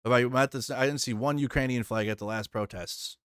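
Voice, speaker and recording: Man, mid-pitch, dry close mic, heated profane rant, repeats himself. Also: brisk, a bit bright, smooth, no room sound. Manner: heated, swearing, repetitive. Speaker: streamer reacting to news.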